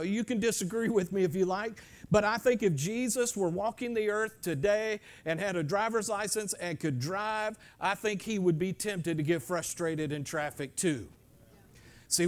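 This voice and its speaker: A man with a high-pitched voice preaching a sermon. He speaks in a folksy, conversational way, stops and restarts his sentences, and jokes with the congregation. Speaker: pastor.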